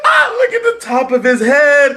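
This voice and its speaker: A man's voice: huge pitch swings, moderate pace, very noisy, heavily acted. A man putting on a hysterically laughing, shrieking voice, squealing with mirth. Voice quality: shrill, shrieking, howling with laughter.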